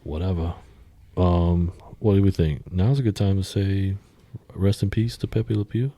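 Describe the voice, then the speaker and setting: Deep-voiced profane man on a podcast. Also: fairly even intonation, unhurried, no echo. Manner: profane, swings from mumbling to loud bursts. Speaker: podcast co-host. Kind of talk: casual podcast chat.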